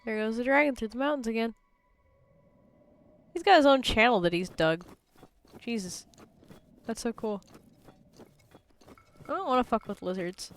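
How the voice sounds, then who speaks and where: A woman's voice: fairly high pitch, moderate pace, long pauses. A woman streaming a video game, giving goofy, playful running commentary and swearing casually.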